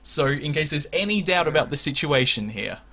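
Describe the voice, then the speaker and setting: A man's voice: on the high side, lively intonation, fairly quick, sharp tone. A man hosting a comedy podcast, joking and laughing often as he chats. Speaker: podcast host. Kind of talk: casual comedy podcast chat.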